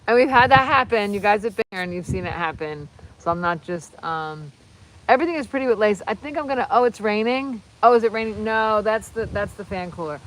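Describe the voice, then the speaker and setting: A woman hosting a casual livestream on her phone while crafting, rambling and excitable, often breaking off mid-sentence. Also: mid-range voice, brisk, rough recording. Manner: rambling, excitable, self-interrupting. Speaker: channel host.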